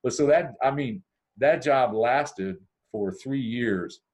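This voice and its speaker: A man's voice: takes it slowly, slightly rough. A man from Ohio, a podcast guest telling a long personal story in a casual way, acting out the dialogue with big swings in his voice. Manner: animated, acts out dialogue with big pitch swings.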